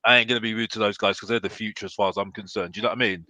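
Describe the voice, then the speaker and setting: A man's voice: lowish voice, fairly even intonation, racing, sharp tone, no echo. A man giving blunt football opinions in a casual debate, emphatic, forever tagging his points with "yeah?". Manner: emphatic, keeps asking "yeah?"; blunt and fired up. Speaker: football fan pundit guest.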